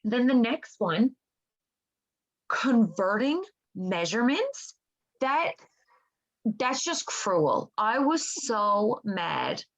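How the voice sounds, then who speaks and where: Animated swearing woman podcast co-host. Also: a little high, very slow, long pauses, rough recording. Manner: animated, swears often, lots of "like". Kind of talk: casual chat.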